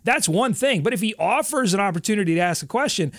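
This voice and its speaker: Animated, fairly high-voiced male podcast host. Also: fast talker, dry recording, clean studio sound. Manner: animated, laughs often, builds stories. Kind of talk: casual sports podcast chat.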